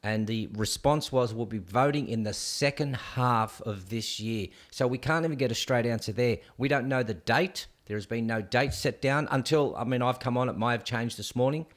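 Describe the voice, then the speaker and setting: An Australian man hosting a live call-in stream, chatty and excitable, calling listeners "mate" and "people". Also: mid-range voice, moderate pace, few pauses. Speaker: host of a live call-in show.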